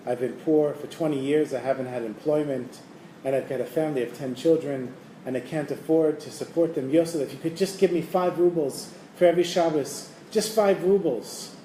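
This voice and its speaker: A man's voice: a little high, steady tone, fairly quick, dark tone, roomy sound, recorded from a distance, slight background noise, close to an everyday voice. A man doing a pleading poor father. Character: poor desperate father begging for money.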